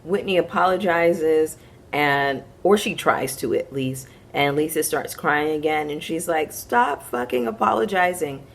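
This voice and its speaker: A woman's voice: sits low, steady tone, measured pace. A woman hosting a casual reality TV recap, frank and sassy with slangy asides to her viewers.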